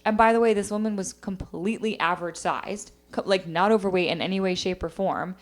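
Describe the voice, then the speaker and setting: A young adult woman co-hosting a podcast, telling a story in animated, casual chat. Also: mid-range voice, brisk, few pauses. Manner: animated storytelling, acts out quoted voices. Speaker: podcast co-host.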